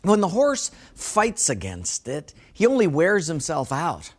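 Animated, lively-voiced male preacher. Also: a little high, measured pace. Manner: folksy storyteller, laughs at own jokes. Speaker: pastor. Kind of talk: sermon.

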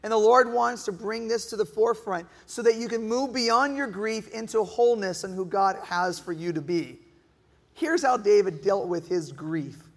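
A man's voice: high voice, normal speed, gravelly. A middle-aged male pastor preaching a sermon, asking the congregation questions and now and then acting out a whiny moaning voice. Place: church hall. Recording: reverberant hall.

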